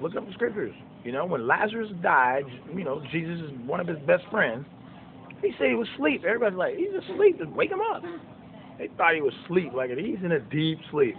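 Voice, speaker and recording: A man's voice: fairly high pitch, gravelly, phone-quality sound, slight background noise. A man in his fifties preaching in an informal, emphatic way, full of folksy rhetorical questions. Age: 50s. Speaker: preacher and songwriter.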